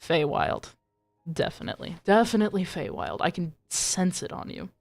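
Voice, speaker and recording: A woman's voice: fairly low pitch, normal speed, soft background music, natural voice. A woman voicing a cocky male villain who taunts and mocks a group of mercenaries with glib sarcasm. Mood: sly.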